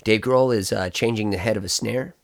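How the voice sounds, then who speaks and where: A man's voice: on the low side, a little fast, gravelly. A man hosting and narrating an improvised comedy scenario, rambling with many fillers and swearing. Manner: rambling, profane, lots of fillers. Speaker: host running an improvised scenario.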